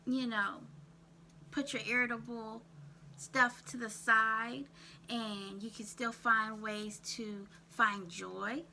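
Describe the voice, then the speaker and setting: A woman coaches her viewers on self-care in a direct-to-camera vlog, posing rapid questions and repeatedly saying "write that down." Her voice is on the high side with little pitch movement, and there's background noise.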